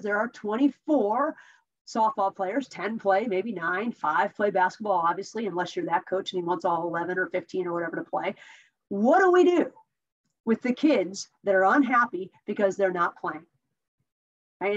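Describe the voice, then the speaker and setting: A woman giving a conversational coaching tip as a mindset coach, telling stories and asking rhetorical questions. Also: medium pitch. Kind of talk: talking-head coaching tip. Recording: dull lo-fi recording.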